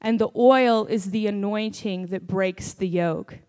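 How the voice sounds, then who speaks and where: A woman's voice: medium pitch, unhurried, a little mellow, clean tone. A woman preaching a sermon and testifying about her own faith, earnest and building to fervent prayer.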